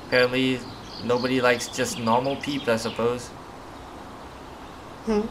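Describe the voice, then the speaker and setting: A man's voice: medium pitch, level tone, a little slow, heavy background noise. A man casually commenting while he plays a game, playful and chatty, often exclaiming. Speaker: gamer. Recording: loud music behind.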